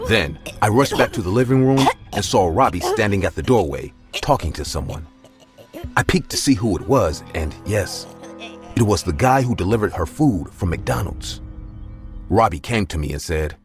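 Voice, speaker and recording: A man telling a first-person story in an expressive, steady way. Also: deep voice, moderate pace, soft background music.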